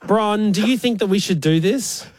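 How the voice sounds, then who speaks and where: An Australian man co-hosting a casual chat show, lively and quick to laugh. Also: high-pitched, a crowd in the background. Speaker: co-host.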